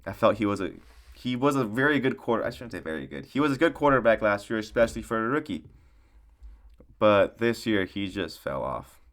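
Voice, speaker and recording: A young man talks through a football season on his own, casual and rambling, with frequent swearing. His voice swings up and down with lively animation, and he keeps correcting himself mid-sentence as he gets worked up. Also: on the low side, fairly quick. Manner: excitable outbursts. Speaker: sports commentator. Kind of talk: casual solo sports commentary.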